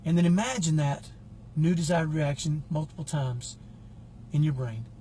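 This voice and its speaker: A man's voice: fairly high pitch, moderate pace, warm tone, a little hiss or hum. A middle-aged man telling a personal story in a casual, earnest, reflective way as a parenting coach. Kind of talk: casual talk to camera.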